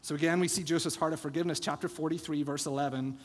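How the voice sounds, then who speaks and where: A man with a slightly high voice preaches a sermon in a church, his words ringing with a long hall reverb. He retells the story with lively, acted-out quotes. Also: very fast. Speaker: pastor. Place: church sanctuary.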